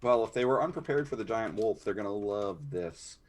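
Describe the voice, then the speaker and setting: A man taking his turn in a tabletop game. His voice is on the low side, and he talks in an easygoing way, thinking aloud with plenty of fillers. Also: expressive, fairly quick, darkish tone. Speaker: player. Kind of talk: casual tabletop game play.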